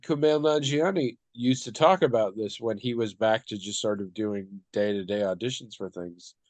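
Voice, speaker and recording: A man's voice: fairly low pitch, moderate pace, darkish tone, dry recording. A man co-hosting a casual discussion, thoughtful and hesitant, often trailing off.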